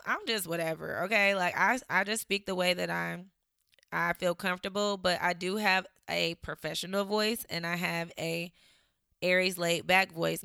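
A woman's voice: on the low side, vocal fry, sharp tone, smooth, no echo, studio quality. A young woman with a slight Southern drawl, talking to her viewers in a chatty, reflective way, with lots of fillers. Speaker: vlogger. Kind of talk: casual reflective talk to camera.

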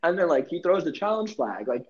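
A man's voice: a little high, sing-song, fairly quick, husky. A young man hosting a casual sports podcast, rambling through jokey theories and swearing freely. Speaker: podcast host. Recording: muffled lo-fi podcast audio.

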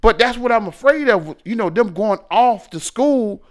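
A man in his forties chatting casually as a podcast co-host, an animated storyteller who swings between loud and quiet. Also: sits high, normal speed. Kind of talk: casual chat.

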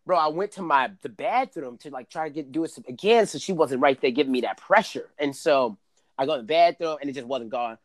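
A man in casual podcast chat, telling a long embarrassing story in a loose, profane way, his voice jumping up high for emphasis. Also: a little fast, no room sound. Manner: animated, profane storytelling with big pitch jumps.

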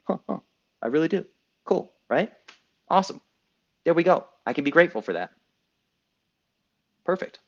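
A man in his thirties speaking as a coach to his group, his pitch rising and falling with lots of energy. He talks emphatically, repeats lines for effect and swears casually. The sound is a bit dull and lo-fi. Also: animated, normal speed, vocal fry, pauses often. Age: 30s. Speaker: coach and podcast host. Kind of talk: group coaching call monologue.

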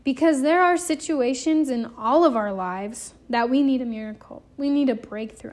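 Brief: woman, high voice, devotional podcast host, earnest and emotional, repeats phrases like a preacher. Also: moderate pace, few pauses, a little mellow. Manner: emotional, close to tears.

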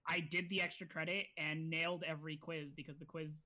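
A man's voice: fairly high pitch, little pitch movement, fairly quick, bright, forceful tone. A young man co-hosting a casual podcast, laid-back and full of trailing fillers. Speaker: podcast co-host. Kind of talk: casual chat.

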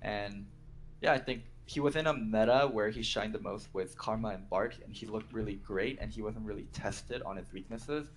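Gravelly low-voiced male panelist. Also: moderate pace, a little hiss or hum. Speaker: podcast panelist. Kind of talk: casual chat.

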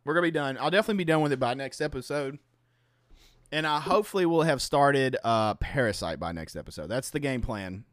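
A man co-hosting a podcast, chatting casually and telling stories in an animated, exaggerated way. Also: medium pitch, quick pace, no room sound, clean studio sound. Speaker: podcast co-host. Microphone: podcast mic.

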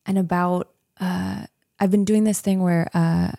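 A woman's voice: lowish voice, steady tone, a little slow, vocal fry, warm tone, no room sound, clean studio sound. A woman in her thirties, a podcast guest, chatting casually and telling a story with frequent laughs. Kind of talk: casual interview chat.

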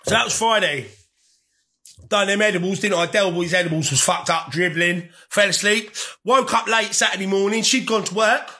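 Bright, forceful and pitched high for a man, the young vlogger's voice moves at a moderate pace. He rambles on to his viewers in a casual way, swearing liberally and laughing along.

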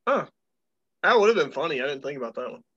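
A man's voice: a little high, sing-song, fast talker, fairly bright tone, breathy edge, no echo. A man chatting casually, laughing and swearing as he rambles along with plenty of fillers. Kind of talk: casual chat. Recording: dull lo-fi recording.

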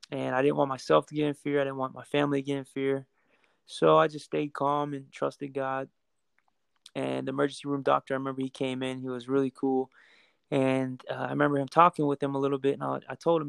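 Earnest guy telling his story, gravelly voice, pretty flat delivery, dry close mic. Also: fairly high pitch, no echo. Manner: earnest, calm, repeats words, quotes others in his own voice. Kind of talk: casual storytelling chat.

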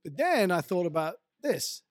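A man's voice: high-pitched, very animated, normal speed, no echo. A man from Europe co-hosting a casual chat, telling dry, wry anecdotes. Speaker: podcast co-host.

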